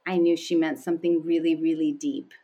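A woman's voice: sits low, steady tone, fairly quick, warm tone, breathy edge. A woman guest speaking candidly and with animation, telling personal stories in conversation and laughing often. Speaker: podcast guest.

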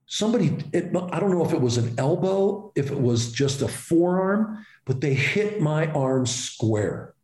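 A man, a former baseball pitcher, telling animated, self-deprecating stories as an interview guest. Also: reverberant. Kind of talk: storytelling in an interview.

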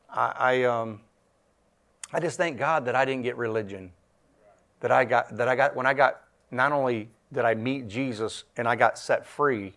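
A man's voice: medium pitch, a bit bright. A middle-aged man giving a testimony at church in a sermon style, emphatic, repeating himself, his voice swelling and dropping.

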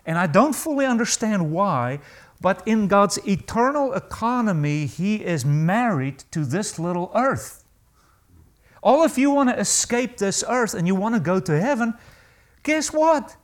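A high-voiced preacher delivers his sermon emphatically, throwing rhetorical questions at the congregation and slowing down whenever he wants a key phrase to land.

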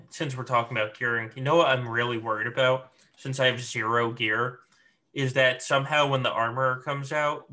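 A man's voice: medium pitch, pushed and bright. A man co-hosting a gaming podcast, chatting casually in an easygoing, rambling way with lots of fillers. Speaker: podcast co-host.

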